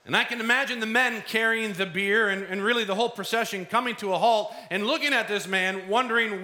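Pastor, male, young adult; earnest, chatty sermon delivery, bright voice. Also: high voice, fairly even intonation, fairly quick, hardly any pauses. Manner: earnest, conversational preaching with acted-out asides.

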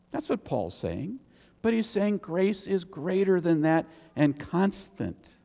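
Man, pastor, emphatic sermon, gravelly edges, echoing church hall. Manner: animated, emphatic preaching with sudden high exclamations.

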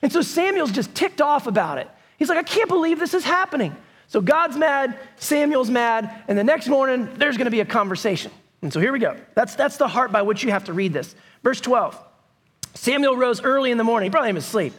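A man preaching a sermon, telling the story in a lively, conversational way with bursts of raised voice. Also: very high voice, a little fast. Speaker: pastor.

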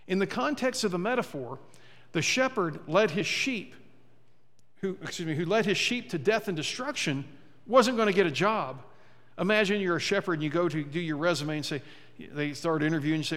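A man's voice: high-pitched, expressive, fairly quick, fairly bright tone. Male pastor, chatty and funny sermon delivery, slips into character voices, church hall echo. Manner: conversational, humorous, acts out quoted voices. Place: church sanctuary. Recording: long church hall reverb.

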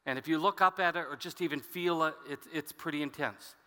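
A man's voice: on the high side, a little fast, sharp tone, clear, resonant tone, in a large hall. A man preaching a sermon as pastor, explaining scripture with conversational asides to the congregation.

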